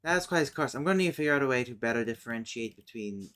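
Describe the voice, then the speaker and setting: A young man on a livestream, muttering slowly while he works through language notes. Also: mid-range voice, lively intonation, fairly bright tone, clean tone. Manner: slow, mutters while working things out. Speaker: streamer. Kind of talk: casual livestream chat.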